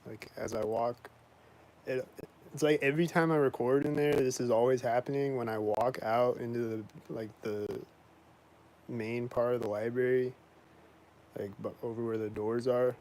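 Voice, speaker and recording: A man talks straight to camera in a loose, rambling vlog, complaining with indignant disbelief. His speech is full of "like" and casual swearing. His voice sits at an ordinary middle pitch, with a faint hiss of noise behind it. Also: fairly even intonation, normal speed, darkish tone, poor audio. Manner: rambling, heavy use of "like", frequent swearing. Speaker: vlogger.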